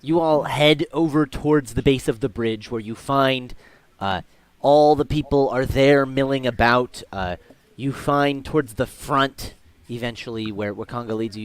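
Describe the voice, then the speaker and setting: A man's voice: mid-range voice, normal speed, clean tone. A man narrating a tabletop game as game master, in a loose, chatty way with fillers.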